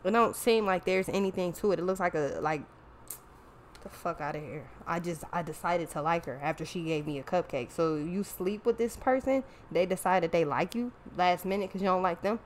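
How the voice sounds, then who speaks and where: A woman's voice: on the low side, fairly quick, slight background noise. A woman hosting a show, talking in a blunt, profane, exasperated casual rant. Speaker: podcast host. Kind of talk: casual ranting monologue.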